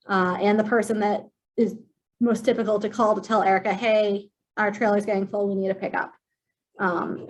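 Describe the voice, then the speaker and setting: Woman walking through software, um-filled. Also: mid-range voice, rough recording. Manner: plain, with many um fillers. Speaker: compliance staff presenting software. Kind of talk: webinar software walkthrough.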